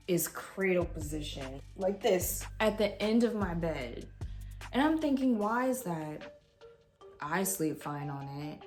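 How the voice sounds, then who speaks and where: Young woman vlogger, lively storyteller, curses a lot, faint music underneath. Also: mid-range voice. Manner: animated, swears freely, voices others in quotes. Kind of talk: casual storytelling. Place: home room with a heater.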